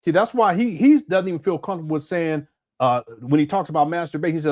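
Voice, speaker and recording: A man's voice: fairly high pitch, quick pace, darkish tone. A man from Southern California talking casually as a live-stream commentary host, often repeating words and answering chat comments.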